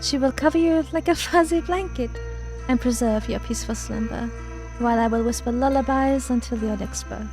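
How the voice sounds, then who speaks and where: A woman reading the lines of a gentle female priestess in a story game, soothing and ceremonial. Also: a little high, a little fast, music in the background, close to an everyday voice, rough recording.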